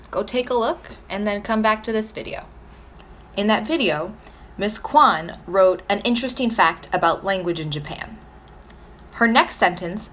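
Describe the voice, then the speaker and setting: A woman speech and language teacher records a lesson for her students, walking through example sentences in a slow, clear, patient way. Her voice sits at an ordinary middle pitch, with a faint hiss of noise in the background. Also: a bit bright.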